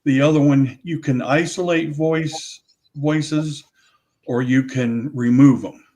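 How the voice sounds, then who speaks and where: A man's voice: on the high side, fairly even intonation, takes it slowly, darkish tone. An older man talking casually as an interview guest, rambling with many restarts and self-corrections as he recalls his audio work.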